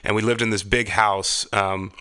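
A man's voice: on the low side, flat delivery, moderate pace, pushed and bright, smooth. A middle-aged man telling long, rambling stories in casual chat, swearing freely as he goes. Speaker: podcast guest.

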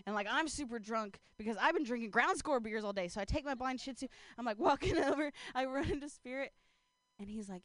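A young woman comedian tells a rambling stand-up story on stage in a high, brisk voice with no echo. She fills it with fillers and laughs at her own jokes into a handheld mic.

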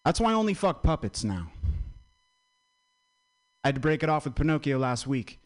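A man with a fairly high voice tells stand-up one-liners. His pitch swings widely as he talks, and his delivery is bouncy. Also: big pitch swings, normal speed. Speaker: stand-up comedian.

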